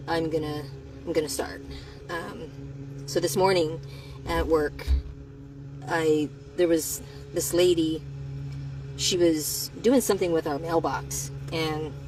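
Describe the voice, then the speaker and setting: A woman telling a personal story to the camera, in a candid and profane way, speaking slowly at first and then getting heated. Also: sits low, background noise. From United States.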